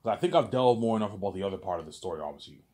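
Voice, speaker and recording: A man with a fairly low voice tells a long, rambling story in a casual monologue. He stumbles over repeated words and keeps tagging his sentences with filler questions. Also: lively intonation, very fast, darkish tone. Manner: stammering repetitions, constant filler tags.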